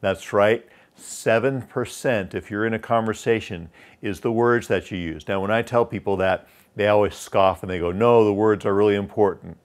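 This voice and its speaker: Low-voiced sales trainer. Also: male voice. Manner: demonstrates tonality with dropping pitch, slow emphatic phrases. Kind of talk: instructional talk.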